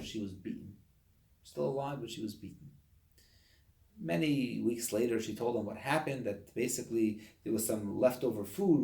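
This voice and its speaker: A man, a rabbi, teaching a study group in an animated way, acting out the voices of the people he talks about. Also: medium pitch, creaky, reverberant.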